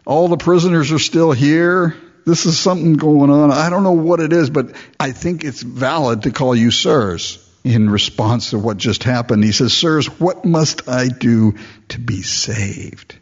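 A man preaching a sermon, explaining the text with animated asides and mocking voices. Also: medium pitch, a little slow. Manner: lively expository preaching with mock voices and asides. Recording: dull lo-fi recording.

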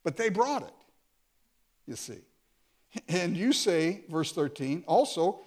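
A man's voice: high-pitched, big pitch swings, slow pace, pauses often. A man preaching a sermon, reading scripture aloud and explaining it with pointed, sarcastic asides.

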